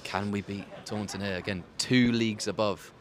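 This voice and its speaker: A man commentating live at an outdoor football ground, reading team lineups in a steady rhythm and chatting with his co-commentator. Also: lowish voice, moderate pace, a little hiss or hum. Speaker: club match commentator. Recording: music clearly audible behind.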